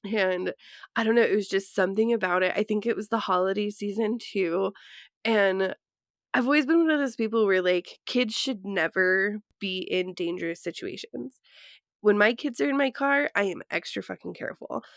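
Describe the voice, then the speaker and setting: A woman in her thirties from Colorado chats on a podcast, frank and profane, laughing now and then as she talks. Her voice sits at a middle pitch and sounds close and dry. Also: moderate pace, fairly bright tone, no echo. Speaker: podcast co-host. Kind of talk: casual chat.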